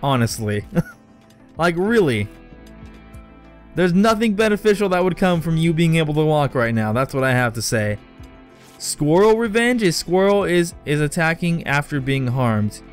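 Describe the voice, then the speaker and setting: A man's voice: on the high side, sing-song, moderate pace, faint music behind. A young man commenting on his own gameplay, swearing and scolding the characters in exasperation. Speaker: let's play gamer.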